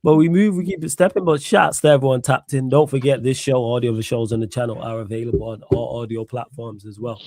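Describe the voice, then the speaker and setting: A young man with a Manchester accent hosting a casual chat, slangy, teasing and quick to swear. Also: mid-range voice, fairly even intonation, a little mellow, no room sound. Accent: Mancunian. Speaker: host.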